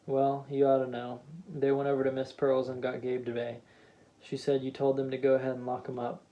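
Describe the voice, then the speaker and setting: A man's voice: mid-range voice, monotone, fairly quick, highs cut off, close to an everyday voice. A man voicing a steadfast middle-aged wife who speaks in a plain, pressing, accusing way.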